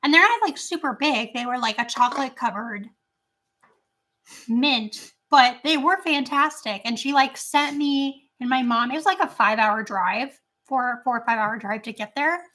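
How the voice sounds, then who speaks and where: A chatty woman with a high, bright voice rambles through a casual tasting chat at home. She leans on fillers as she talks. Her voice sounds strained and not at its best. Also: normal speed. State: voice strained, not great right now. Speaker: channel host.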